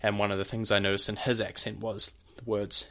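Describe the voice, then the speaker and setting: On a laid-back podcast he co-hosts, a young adult man who is also an actor speaks in a fairly low voice and a bit quickly. He rambles comfortably through long explanations full of "like" and "you know," often pausing to sound out examples and break off into demonstrations of accent sounds.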